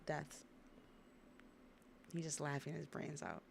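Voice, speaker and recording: A young woman livestreaming, reading a comic aloud and reacting in casual slangy chat, quick to get excited. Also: low voice, gravelly, a little hiss or hum. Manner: slangy and excitable, says bruh and y'all.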